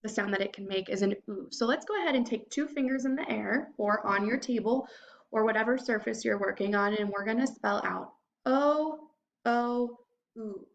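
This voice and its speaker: A young woman teaching a phonics lesson to young children, sounding out word parts slowly and clearly. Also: fairly high pitch, dull audio, slight background noise. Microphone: computer microphone.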